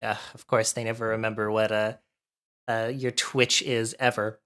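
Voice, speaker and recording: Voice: medium pitch, level tone, moderate pace, a bit bright. A livestreamer chatting casually with viewers while setting up, a bit out of breath from allergies and thinking aloud.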